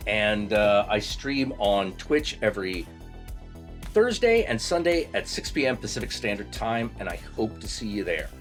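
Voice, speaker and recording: A laid-back young man chats as a co-host on a casual vlog, his low voice swinging widely up and down as he jokes. Faint music plays behind him. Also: normal speed. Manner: relaxed, laid-back and joking. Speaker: co-host guest.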